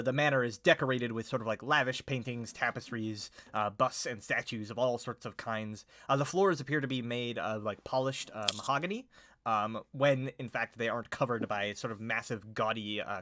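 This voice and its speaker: A man's voice: medium pitch, moderate pace, pushed and bright, no room sound. A young man narrating a tabletop game as game master, casual and rambling with lots of fillers.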